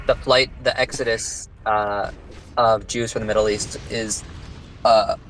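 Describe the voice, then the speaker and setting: A man in a casual group discussion, making measured arguments. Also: on the low side, steady tone, fairly bright tone, slight background noise, poor audio. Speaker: panelist.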